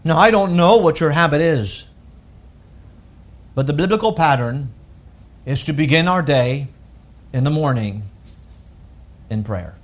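High-voiced preaching pastor, man. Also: lively intonation, unhurried, long pauses. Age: adult with wife and children. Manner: emphatic preaching with wide swings from loud to hushed. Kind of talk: sermon.

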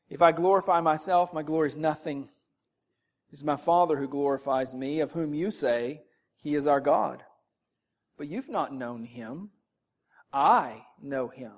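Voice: normal speed, a little mellow. A Bible teacher explaining scripture to a group, reading verses aloud and asking listeners direct questions. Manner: emphatic, rises in pitch and volume on key points.

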